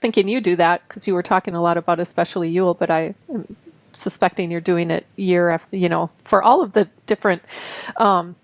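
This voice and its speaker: A woman's voice: fairly low pitch, steady tone, fairly quick, no room sound. A woman guest in a casual online conversation, rambling and restarting her sentences. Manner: rambling, restarts often, laughs easily.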